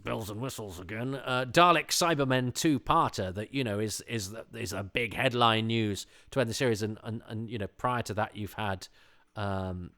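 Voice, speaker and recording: A man's voice: lowish voice, normal speed, sharp tone. A man from England hosting a podcast, talking casually on his own, rambling with many restarts and enthusiastic asides. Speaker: podcast host. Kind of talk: casual solo commentary.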